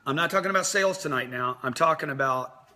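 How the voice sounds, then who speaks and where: A man in his fifties runs a motivational livestream as a business coach. He talks bluntly, like a salesman, in a bright, forceful voice that sits a little high for a man. He sounds like he is speaking into a phone. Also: fast. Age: 50s. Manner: brash, direct, salesy pitch.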